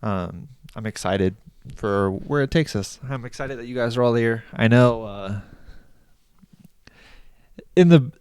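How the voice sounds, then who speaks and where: A man's voice: a little slow, long pauses, darkish tone, clear, resonant tone, no echo. A young man co-hosting a casual podcast, rambling and laughing often as he tells stories. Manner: rambling, laughs often, acts out his own quotes in a high voice. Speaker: podcast co-host. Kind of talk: casual chat.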